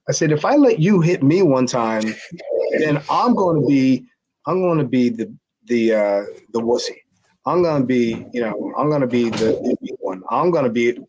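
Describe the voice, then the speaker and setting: A middle-aged man, a former pro wrestler, tells a long backstage story as an interview guest. His pitch sits in the middle for a man. He acts out what others said by jumping up in his voice, and he often stops and restarts his sentences. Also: low-quality recording. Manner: animated storyteller, acts out quotes with a raised voice, many restarts.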